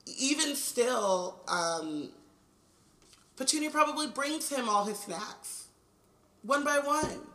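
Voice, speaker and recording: A woman's voice: sits high, expressive, slow, long pauses, sharp tone, reverberant, poor audio. A woman co-hosting a podcast, chatting casually and reading aloud, saying "like" constantly. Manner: chatty, says "like" constantly, laughs often. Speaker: podcast co-host. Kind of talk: casual chat and book reading.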